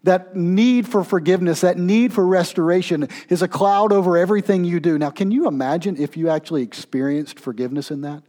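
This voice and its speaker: Preaching briskly with few pauses, a pastor whose voice runs slightly high for a man swings from pleading, elevated intensity to soft, low-voiced stretches meant to draw listeners in.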